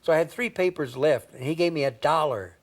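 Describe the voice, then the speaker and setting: A man's voice: on the high side, brisk, gravelly. A man in his seventies from Indiana, a comedian telling folksy stories in an interview, chuckling and adding "see?" as he goes. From Indiana, USA. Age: 70s. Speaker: comedian guest. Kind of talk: anecdotal storytelling in an interview.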